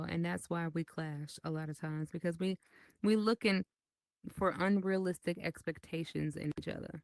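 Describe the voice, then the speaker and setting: Lowish woman voice, dry sound, podcast guest swearing and telling stories animatedly. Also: no echo. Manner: animated, profane storytelling. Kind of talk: casual chat.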